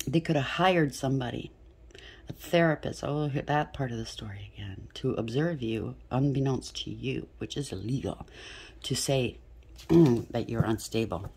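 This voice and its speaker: A woman's voice: rumbling low, unhurried, darkish tone, breathy edge. A middle-aged woman giving a casual tarot reading, blunt and chatty, swearing freely and often checking in with "okay?". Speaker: tarot reader.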